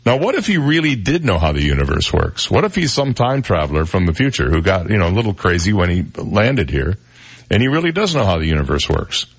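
A man's voice: sits low, sing-song, a little fast, breathy edge. An older man hosting a radio talk show, reading odd news stories and adding wry, joking asides. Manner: wry asides, reads stories then jokes about them. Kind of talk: casual news-of-the-day monologue.

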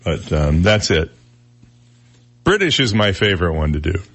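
Low-voiced joking radio host man. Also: big pitch swings, moderate pace, a bit bright, breathy edge. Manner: joking, chuckles at own jokes. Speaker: radio talk show host. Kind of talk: casual on-air chat. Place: radio studio. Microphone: studio microphone.

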